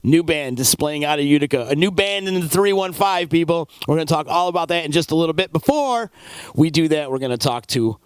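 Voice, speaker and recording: A man's voice: a little high, expressive, fairly quick, clear, resonant tone, no echo. A man from upstate New York hosting a local radio show, chatty and playful as he reads sponsor spots and talks with guests in a studio. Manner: upbeat, chatty, playful hype. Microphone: studio microphone.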